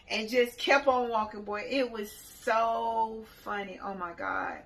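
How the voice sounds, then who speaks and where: Woman w a slightly high voice telling a trip story, chatty and loose, lots of ums. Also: fairly even intonation, slow pace, few pauses, fairly bright tone, rough recording. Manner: chatty, laughs while retelling. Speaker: group travel organizer. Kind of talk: casual anecdote telling.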